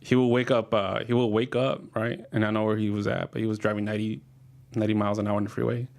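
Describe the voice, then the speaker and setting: A man's voice: lowish voice, level tone, fast, gravelly, darkish tone. A comedian casually telling rambling, profane stories about his past and often laughing as he talks.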